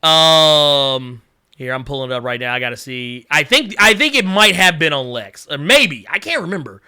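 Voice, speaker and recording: A man hosting a casual reaction video, talking excitably and profanely and laughing often. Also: on the high side, moderate pace, clear, resonant tone. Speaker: video host.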